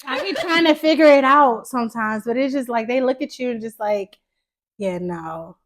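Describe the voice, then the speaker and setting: A woman's voice: high-pitched, fairly quick. An American woman in a casual conversation, playful and colloquial, acting out what people said. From United States. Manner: playful, laughs a lot, colloquial. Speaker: guest.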